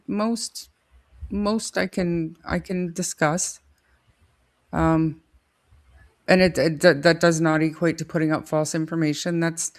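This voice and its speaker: A woman hosting a true crime podcast in casual chat, measured and opinionated, with hesitant restarts. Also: low voice. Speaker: podcast host.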